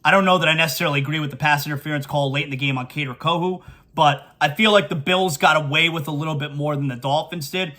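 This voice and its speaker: A male sports talk host with a high, bright voice. He runs through results and then vents with emphatic, animated fan energy. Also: fast talker.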